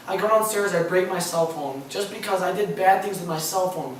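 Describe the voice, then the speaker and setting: Young guy, fairly high voice, earnest emotional testimony, really echoey hall, off-mic. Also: fairly quick, hardly any pauses, recorded from a distance, a little hiss or hum. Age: young adult. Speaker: speaker giving a testimony. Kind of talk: personal faith testimony.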